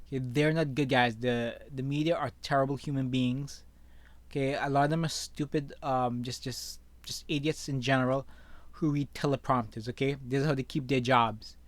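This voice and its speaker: A man's voice: mid-range voice, fairly even intonation, moderate pace, no room sound. A man commentating on news stories he reads aloud, opinionated and often tagging his sentences with "okay?". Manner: opinionated, with frequent "okay?" tags. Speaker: online commentator. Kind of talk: reading and reacting to news stories.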